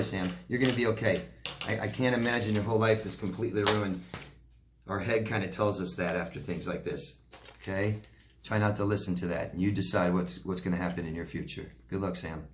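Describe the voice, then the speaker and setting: A man with a somewhat low voice talks straight to his viewers, answering their questions one by one. His manner is direct and reassuring, and he keeps checking in with a quick "okay?". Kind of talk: casual Q&A advice talk.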